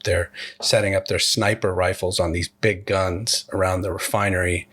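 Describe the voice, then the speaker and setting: A man's voice: on the low side, fairly bright tone. A man hosting a podcast, casually retelling a TV episode scene by scene and quoting the characters' lines. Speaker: podcast host.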